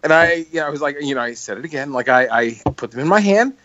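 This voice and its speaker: A man's voice: fairly high pitch, lively intonation, fast, a bit bright, no echo. Man, podcast co-host, laughs while talking, lo-fi dull sound. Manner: laughs a lot while telling stories. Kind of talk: casual chat.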